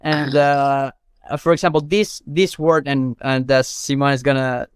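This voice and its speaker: A man's voice: mid-range voice, fairly even intonation, a little slow, clear, resonant tone, no echo. A man from Mexico whose first language is Spanish, a guest chatting casually and telling stories with lots of fillers and restarts. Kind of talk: casual chat.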